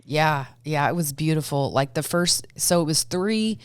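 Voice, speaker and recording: A woman's voice: deep voice, animated, normal speed, clear, resonant tone, no room sound, clean studio sound. A woman in her thirties, a podcast guest, telling her own story candidly, often acting out what she said to herself. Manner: earnest, quotes herself often, laughs easily.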